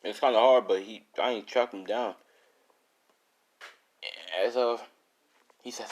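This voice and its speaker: A man with a lowish voice telling an improvised fan story in a loose, rambling way. He swears freely and leans on fillers, restarting sentences as he goes. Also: steady tone, measured pace, long pauses. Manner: rambling, crude, many fillers.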